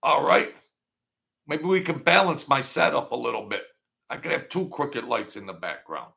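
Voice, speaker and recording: Gravelly man chatting with viewers. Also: medium pitch, animated, moderate pace, bright, forceful tone. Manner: rambling, reads out and thanks viewers by name. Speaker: channel host. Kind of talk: casual livestream chat.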